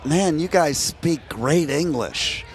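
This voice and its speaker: At an outdoor music festival, an American man from the New York and New Jersey area interviews a band, chatting and joking and laughing between stories. His voice is fairly high and animated, and he takes his time.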